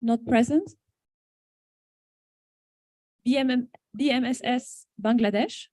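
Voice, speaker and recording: A woman chairing a large meeting and calling the roll in a brisk, procedural way. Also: a little high, dark tone, dry recording.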